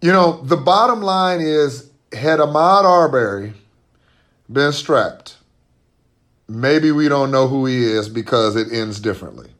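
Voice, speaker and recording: A man's voice: mid-range voice, measured pace, fairly bright tone. A man speaking as an interview guest, earnest and emphatic, with frequent restarts as he makes his points. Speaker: guest, boycott organizer. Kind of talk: conversational interview.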